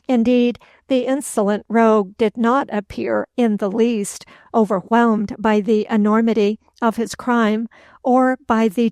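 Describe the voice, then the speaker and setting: Slow, even-toned woman narrating. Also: on the high side, smooth, no room sound. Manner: measured, even storytelling. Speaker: audiobook narrator. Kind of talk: scripted narration of a classic novel.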